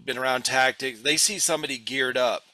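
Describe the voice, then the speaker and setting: A middle-aged man hosting a casual podcast, blunt and outspoken, with swearing and lively asides. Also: medium pitch, a little fast, dry recording. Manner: blunt, swearing, animated storyteller. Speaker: podcast host.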